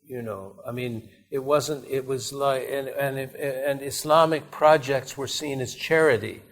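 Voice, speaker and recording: Speaking unhurriedly in a medium-pitched voice with fairly even intonation, a man invited to a university seminar room tells rambling anecdotes. His conversational talk is full of restarts and asides.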